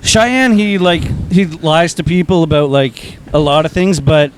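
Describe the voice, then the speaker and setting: A man on a podcast as a guest, chatting casually and telling stories in an animated, excitable way. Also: on the high side, slight background noise. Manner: animated storyteller, quick and excitable. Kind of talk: casual chat.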